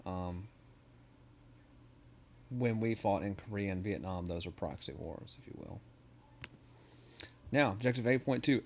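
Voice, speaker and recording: Man, history teacher, casual slide lecture, jokey, low voice, faint hiss. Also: a little mellow. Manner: casual, joking, many fillers. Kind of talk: recorded lecture over slides.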